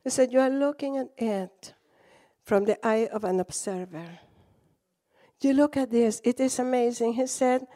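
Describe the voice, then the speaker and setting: High-voiced Latina woman preaching. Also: normal speed. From Latin America. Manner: animated storytelling, acts out quotes, laughs often. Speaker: guest preacher. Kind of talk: sermon with storytelling.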